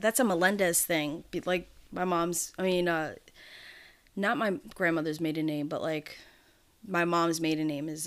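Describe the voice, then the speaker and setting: Woman, podcast co-host, casual chat, rambling, profane, low-ish voice, video call. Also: a bit bright, clean tone. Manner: rambling, profane, laughs often. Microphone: remote video call mic.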